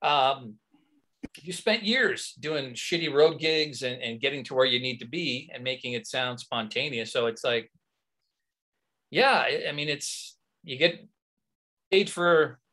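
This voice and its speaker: A man from Canada, an actor and comedian, telling lively anecdotes as a guest in a casual interview. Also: mid-range voice, measured pace, long pauses.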